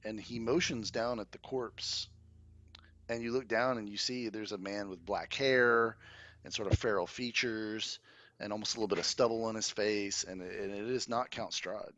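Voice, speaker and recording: A man narrating a tabletop game as game master in a relaxed, descriptive way, with music underneath. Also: fairly low pitch, normal speed, dry recording, lo-fi sound.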